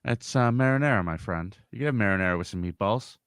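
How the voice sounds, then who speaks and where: A man's voice: fairly low pitch, fast talker, a bit bright, clear, resonant tone, no echo, clean studio sound. A man co-hosting a casual podcast who jokes around and riffs with his friend. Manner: jokey, riffs into funny voices. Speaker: podcast co-host. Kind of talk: casual chat.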